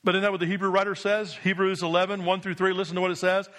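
High, bright-voiced preacher man. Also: flat delivery, fast talker, hardly any pauses. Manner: emphatic preaching with repeated call-and-response "Amen?". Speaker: pastor. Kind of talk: sermon.

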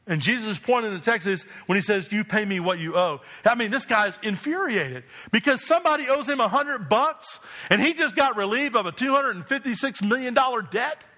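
A pastor from New Jersey preaches with a high, bright voice. He speaks emphatically and keeps putting rhetorical questions to his congregation. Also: expressive, brisk. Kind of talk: sermon.

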